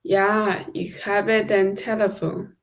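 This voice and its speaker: A woman answers and repeats words in a language lesson at a middle pitch. She speaks slowly and deliberately. Each word comes out careful and clear. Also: flat delivery. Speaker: co-host and practice partner.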